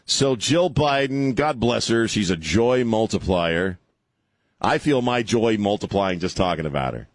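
A man's voice: fairly low pitch, lively intonation, measured pace, no room sound. A man hosting a radio talk show, rambling and sarcastic, chuckling as he riffs. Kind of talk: casual talk radio banter. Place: radio studio. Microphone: studio microphone.

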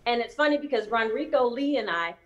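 A woman's voice: a little high, a little fast, highs cut off. An actress chatting casually, telling a story and acting out the voices of people she quotes. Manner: animated, acts out quoted voices.

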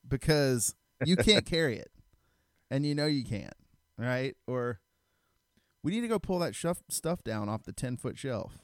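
A man of middle pitch, speaking bluntly and with lots of animation as a podcast guest. He laughs often, and his voice is recorded dry and close. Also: expressive, normal speed, smooth, no room sound. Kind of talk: casual chat.

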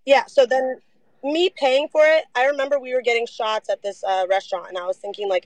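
Young woman spilling a story, lots of "like", swears, slightly high voice, dry close mic. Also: fairly quick, dry recording, low-quality recording. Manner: animated, uses "like" a lot and swears freely. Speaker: guest telling her story. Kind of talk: casual storytelling interview.

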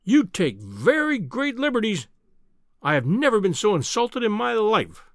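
A man's voice: sits high, sing-song, moderate pace, fairly bright tone, no room sound, clean studio sound, heavily acted. A man voicing a flustered, earnest young Irish journalist who stammers in an audiobook reading. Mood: indignant.

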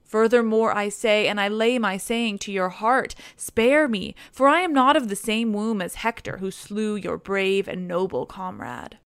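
A woman's voice: mid-range voice, unhurried, few pauses, clear, resonant tone, no echo, clean studio sound, close to an everyday voice. A woman reading the pleas of a desperate young male prince begging a warrior to spare his life. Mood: pleading. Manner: pleading.

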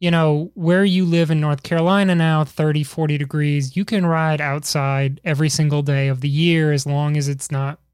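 A man's voice: a little high, little pitch movement, moderate pace, few pauses, darkish tone, clean tone, no echo, clean studio sound. A man hosting an interview, asking long, rambling questions with chatty asides. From Chicago area. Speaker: podcast host. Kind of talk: casual interview.

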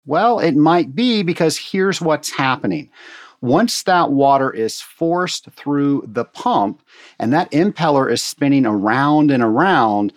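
A man's voice: on the high side, expressive, takes it slowly. A man giving a casual, folksy technical lesson, answering a listener's question step by step. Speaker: water treatment instructor answering a listener question. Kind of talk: casual instructional talk. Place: Atlanta.

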